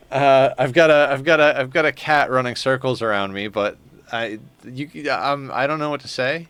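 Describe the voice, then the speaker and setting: A man's voice: medium pitch, moderate pace, a bit bright, clean tone, no echo. A man chatting casually on a live game stream, rambling and easily flustered. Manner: rambling, flustered, self-deprecating. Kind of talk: casual live-stream chat while playing.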